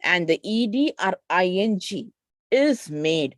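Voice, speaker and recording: A woman's voice: fairly low pitch, lively intonation, slow pace, no room sound. A woman with an Indian English accent teaching an online grammar lesson, patiently explaining spelling rules and reading out word lists.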